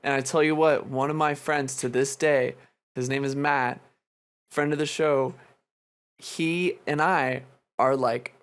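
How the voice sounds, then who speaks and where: He's a man in his twenties co-hosting a podcast, talking in a loose and rambling way. He swears freely and sits at a middle pitch. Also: steady tone, unhurried, smooth. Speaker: podcast co-host. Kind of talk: casual chat.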